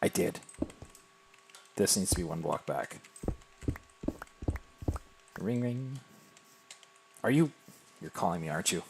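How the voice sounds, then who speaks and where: Streamer, male, lower register, chatty and self-deprecating, talks to chat as he plays. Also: sing-song, moderate pace, vocal fry, pauses often, noisy background. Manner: thinks aloud and answers viewer chat. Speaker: game streamer. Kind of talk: casual live-stream chat while playing.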